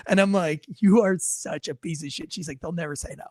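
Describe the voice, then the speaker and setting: A man's voice: high voice, a little fast, hardly any pauses, a little mellow, no echo, clean studio sound. A middle-aged man hosting a casual live chat, telling rambling, profane stories and acting out what people said. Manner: rambling storyteller, swears freely, acts out quotes. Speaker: host, former police officer.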